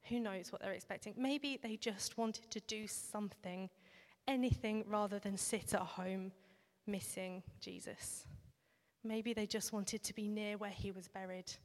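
A woman preaches in a relaxed, reflective, conversational manner. Her voice sits at an ordinary middle pitch. A long reverb trails behind her, as in a large church hall. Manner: reflective, conversational with occasional fillers. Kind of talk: sermon.

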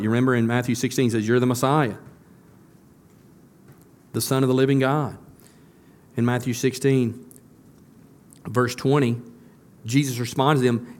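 A male pastor preaching a sermon, often asking the congregation questions and answering them himself. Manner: builds to a louder, higher emphatic close.

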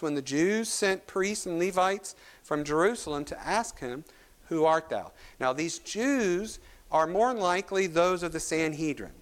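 High-voiced, emphatic man preaching. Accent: Kentucky. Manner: animated preaching with emphatic rises and fillers. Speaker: pastor. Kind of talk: sermon.

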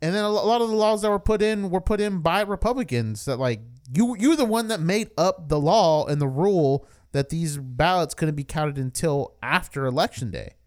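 A man's voice: a little high, lively intonation, normal speed, hardly any pauses, a little mellow. A man co-hosting a podcast, chatting casually and rambling with many fillers and restarts. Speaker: podcast co-host.

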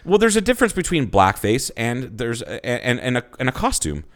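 A man's voice: medium pitch, wildly swooping pitch, fairly quick. A man co-hosting a casual podcast chat, joking, laughing often and swearing freely. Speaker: podcast co-host.

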